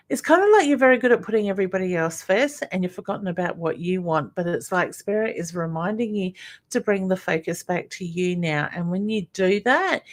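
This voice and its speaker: A woman, a psychic medium giving live readings to viewers. She is affectionate and reassuring, calling people honey and hun. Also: mid-range voice.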